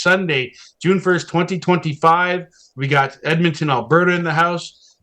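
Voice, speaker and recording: A man in his fifties, from Massachusetts, hosting a webinar over a video call and greeting people one by one. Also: on the high side. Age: 50s. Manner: upbeat, rattles off places and shout-outs. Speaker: webinar host. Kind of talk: welcoming attendees on a live video call.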